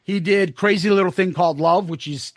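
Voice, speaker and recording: A man's voice: sits high, brisk, no echo, studio quality. A man co-hosting a podcast, telling a long rambling concert story in casual chat, full of quoted asides and swearing. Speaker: podcast co-host.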